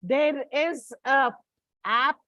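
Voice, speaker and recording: A woman's voice: high voice, extremely slow, pushed and bright, no room sound, low-quality recording. A woman teacher, giving a classroom lecture and explaining step by step. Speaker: English teacher.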